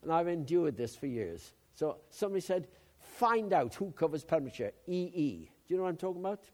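A man preaching a sermon, telling personal stories in a chatty way with loud emphatic bursts. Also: fairly high pitch, big pitch swings, a little fast.

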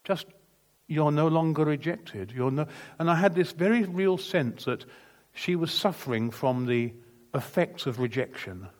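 A man preaching a sermon, telling a personal story in an earnest, emphatic way and acting out the dialogue as he goes. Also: medium pitch. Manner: earnest, emphatic testimony with vivid retold dialogue.

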